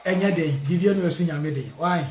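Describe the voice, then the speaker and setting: Man radio host, high voice, lively, code-switching, echoey room, faint hiss. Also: fairly quick. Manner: lively, switches between Twi and English, laughs often. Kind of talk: casual radio talk show in Twi and English.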